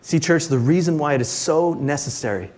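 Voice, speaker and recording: A man's voice: on the high side, expressive, brisk, darkish tone. A male pastor preaching a sermon in an emphatic style, often calling out "Amen?" to his congregation. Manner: emphatic, repeatedly asks "Amen?". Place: church service.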